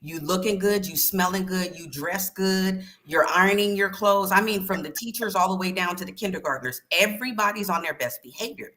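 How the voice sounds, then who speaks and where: A woman, a former middle school teacher, being interviewed on a livestream, telling lively stories and acting out voices. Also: medium pitch, fairly quick, hardly any pauses. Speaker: guest author and former teacher.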